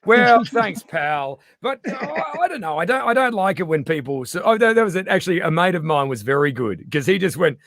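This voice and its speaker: A middle-aged Australian man, a comedian guest in casual chat, animated and swearing freely as he acts out little voices. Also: fairly high pitch, brisk, few pauses, no room sound, studio quality.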